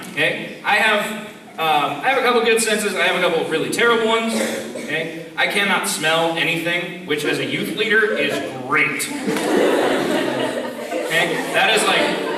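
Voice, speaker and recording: A man in his late twenties, a youth leader giving a humorous talk, telling stories animatedly and jumping high when acting out voices. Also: sharp tone. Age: late 20s. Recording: echoey hall, mic far off, background noise.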